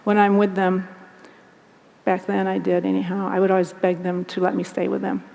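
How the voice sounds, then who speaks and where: A woman tells a personal story in an earnest, halting, reflective way. Her voice is gravelly and stays fairly flat in pitch. The recording carries a long, hall-like reverb. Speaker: guest recounting abduction experiences.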